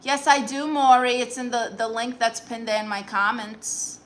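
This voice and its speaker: Sassy high-voiced woman reading chat. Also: level tone, normal speed, fairly bright tone, a little hiss or hum, low-quality recording. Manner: sassy, dry comebacks to chat. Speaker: livestream host in a comic aunt persona. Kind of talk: comic livestream chat reading.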